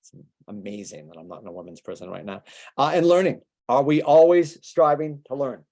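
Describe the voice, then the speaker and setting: Male coach, warm and low-key tone, casual motivational trainer who asks questions a lot. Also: animated. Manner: conversational, rapid-fire rhetorical questions. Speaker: business coach.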